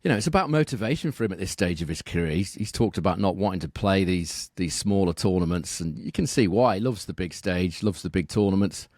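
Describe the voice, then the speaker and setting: Low-voiced analyst with a dry sound. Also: male voice, animated, darkish tone, dry recording. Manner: measured, reels off stats, asks tag questions. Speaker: tennis betting analyst. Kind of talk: casual podcast analysis.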